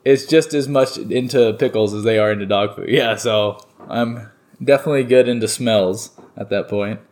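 A young man from North Carolina, a baseball player, telling stories in a relaxed interview, rambling with lots of fillers and restarts. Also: fairly low pitch, normal speed. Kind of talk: casual interview storytelling.

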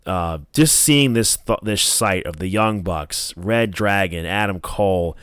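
Man with a low, smooth, dry voice. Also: measured pace, fairly bright tone, no room sound. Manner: rambling, many fillers, acts out quotes in a raised voice. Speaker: wrestling podcast host. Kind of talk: casual commentary review.

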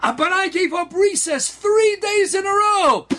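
A man's voice: very high-pitched, lively intonation, unhurried, sharp tone, a little hiss or hum, pitched above the performer's own voice, heavily acted. A man doing a pleading tearful little boy. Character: devoted tearful seven-year-old boy Tzvi.

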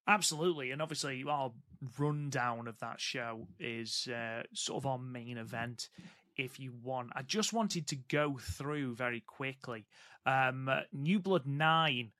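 Bright-voiced man co-hosting a podcast. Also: medium pitch, dry recording, clean studio sound. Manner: enthusiastic, measured commentary with frequent ums. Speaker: podcast co-host. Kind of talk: casual podcast chat.

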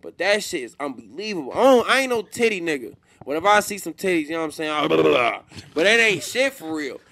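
A man's voice: high-pitched, fast talker. A young man co-hosting a podcast, telling stories in casual chat with friends and laughing often. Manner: animated storytelling, laughing often. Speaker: podcast co-host.

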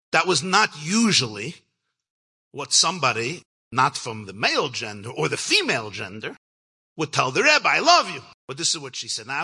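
A man, a rabbi, telling a personal story in an earnest, reflective way, with lively shifts when he acts out quoted lines. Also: gravelly, slightly rough. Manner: animated, acts out quoted lines with big pitch jumps. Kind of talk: storytelling talk.

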